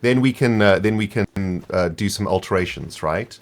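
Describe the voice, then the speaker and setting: A man's voice: low voice, moderate pace. A man with a South African accent chatting casually as a guest player, patiently explaining game rules with easy laughs and trailing fillers.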